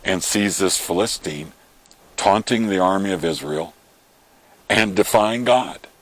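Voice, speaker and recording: Low-voiced man preaching a story. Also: measured pace. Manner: animated retelling, acts out quoted voices. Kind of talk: storytelling sermon.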